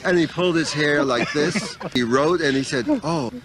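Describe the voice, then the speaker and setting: A man's voice: fairly high pitch, moderate pace, background noise. An older man telling humorous stories of his past, acting out other people's lines with laughter. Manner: animated, acts out dialogue with laughs. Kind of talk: humorous anecdotal storytelling.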